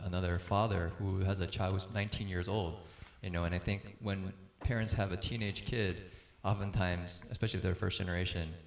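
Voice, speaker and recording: A middle-aged man gives a casual talk on raising children, his voice sitting a little low. He tells stories with easy laughter and acts out what people said. The room around him rings with echo. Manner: relaxed storyteller, laughs easily, acts out quotes. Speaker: speaker on parenting.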